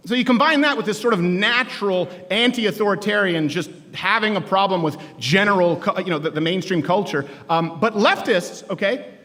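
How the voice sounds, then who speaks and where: High, bright-voiced man joking on stage. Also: normal speed, in a large hall. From Canada. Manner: animated, joking, bursts of shouting. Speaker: speaker addressing college students. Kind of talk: comedic political talk to a live audience.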